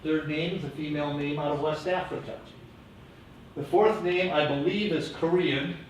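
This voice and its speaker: A man teaching a classroom lecture, lively and coaching his students. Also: a little high, normal speed. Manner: lively, coaching students through name pronunciation. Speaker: teacher educator. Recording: echoey classroom from far off, faint hiss.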